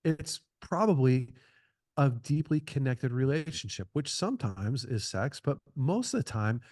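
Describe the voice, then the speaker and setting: A man's voice: mid-range voice, very animated, a little slow, darkish tone, dry recording, clean studio sound. A middle-aged man speaking as a podcast guest, giving earnest advice in a conversational way, repeating and restarting his phrases.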